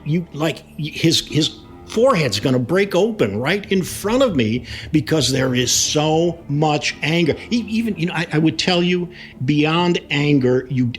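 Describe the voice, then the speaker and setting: A man, a lawyer being interviewed, recounting events in an emphatic, animated way with frequent restarts. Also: on the high side.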